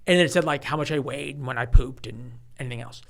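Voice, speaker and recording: A man in his forties, a guest author telling a story in an interview, animated and given to restarts, acting out the voices of the people he quotes. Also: mid-range voice, fast talker. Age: 40s.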